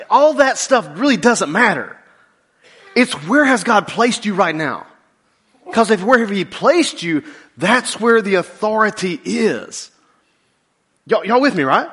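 Animated pastor with a lively, bright voice. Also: male voice, slightly rough. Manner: animated, joking with the congregation; drops to a low, slow intensity for key points. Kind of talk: sermon.

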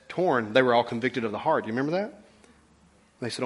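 A pastor preaching a sermon in a folksy, humorous way, swinging between loud bursts and hushed asides. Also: male voice, mid-range voice, normal speed, pauses often, slightly rough.

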